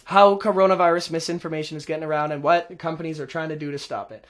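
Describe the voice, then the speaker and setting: A man hosts his own show and rants at length, his voice sitting high for a man. He swings between sarcasm and mockery as he gets more and more worked up. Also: brisk, few pauses. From Canada. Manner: sarcastic, heated, mocking. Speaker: host. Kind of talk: ranting political commentary.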